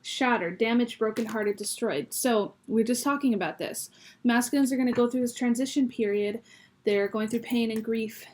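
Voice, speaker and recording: A woman's voice: a little high, moderate pace, a little mellow. A woman giving a casual tarot reading to her viewers, chatty and reading card words aloud with frequent ums. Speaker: tarot reader.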